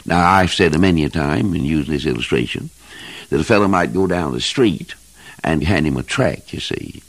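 An older man preaching a fervent old-time sermon, emphatic and husky, with King James phrasing. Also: a bass voice, animated, normal speed, no echo. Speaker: evangelist preacher.

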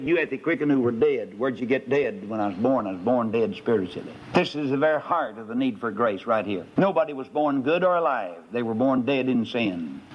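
A male preacher telling a sermon story and putting rhetorical questions to his listeners. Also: medium pitch. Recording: dull lo-fi recording.

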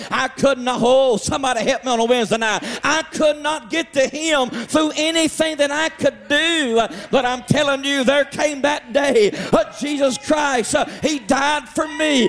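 A man preaches with fervor, his phrases rising into half-sung cries and shouts. His voice sits very high and carries a gravelly edge. The sound rings through a large hall with faint music underneath. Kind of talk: sermon. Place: church.

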